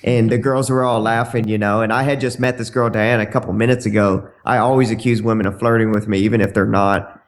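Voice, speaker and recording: A man's voice: lowish voice, steady tone, fast talker. A man, a podcast guest and dating coach, telling brash, bawdy stories in a casual way. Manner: brash, bawdy, acts out dialogue in shifting voices. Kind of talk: casual anecdote storytelling.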